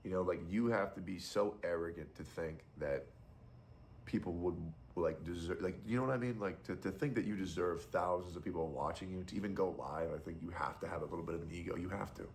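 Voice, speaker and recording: Deep-voiced man, gravelly, young adult streamer, blunt profane rant, faint hiss behind. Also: a little fast. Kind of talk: casual stream commentary.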